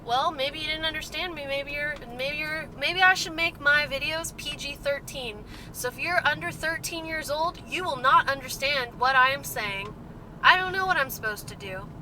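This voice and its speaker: A woman's voice: high-pitched, background noise. A woman vlogging casually from a car, annoyed and exasperated, with sarcastic asides. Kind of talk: casual vlog rant.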